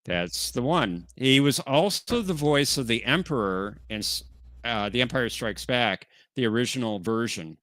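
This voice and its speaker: A man co-hosting a live watch-along, offering dry, informative remarks with quiet amusement. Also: medium pitch, expressive, unhurried, dry recording. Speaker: co-host of a show watch-along. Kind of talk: casual live commentary.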